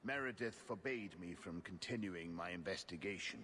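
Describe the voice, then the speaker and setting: An actor voicing a determined male investigator who speaks in a measured, formal way. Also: deep voice, sharp tone, slight background noise. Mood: earnest.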